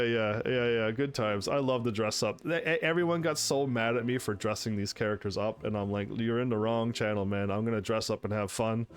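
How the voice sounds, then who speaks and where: A man hosting his own channel, looking back over his old gaming videos in casual, rambling commentary, full of restarts and bursts of laughter. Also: medium pitch. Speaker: channel host.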